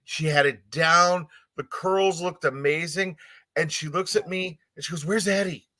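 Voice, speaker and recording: A man co-hosting a beauty podcast, retelling an event in a quick, casual way. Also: a little high, steady tone, sharp tone. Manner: quick retelling, reads listener comments. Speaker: podcast co-host. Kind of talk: casual storytelling chat.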